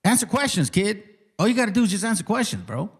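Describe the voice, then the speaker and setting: A man's voice: sits high, sing-song, fast, slightly rough. A man hosting a live online debate, combative and profane, who interrupts constantly and repeats himself. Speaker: host of a live debate stream.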